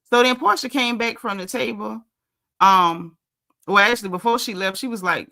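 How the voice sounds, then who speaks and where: A woman's voice: mid-range voice, normal speed, creaky, pushed and bright. A woman giving a casual, opinionated recap of a reality TV show, speaking bluntly with lots of slang.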